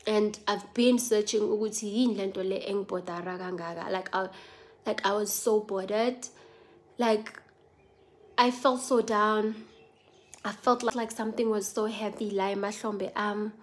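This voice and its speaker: A woman's voice: mid-range voice, fairly even intonation, moderate pace. A woman with a South African accent, talking to her viewers in an earnest, confiding personal vlog. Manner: earnest, confiding, mixes languages. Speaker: vlogger.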